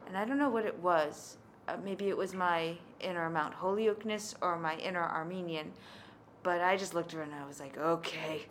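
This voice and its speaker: A woman's voice: fairly low pitch, fairly quick, slight background noise. A woman telling a personal story in a conversational, candid way. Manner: conversational, candid, lively in quoted speech.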